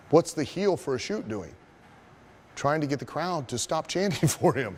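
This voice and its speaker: A man who is a wrestling trainer telling a story as a lesson, profane and animated, asking his listeners rhetorical questions. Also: medium pitch, moderate pace, a little hiss or hum.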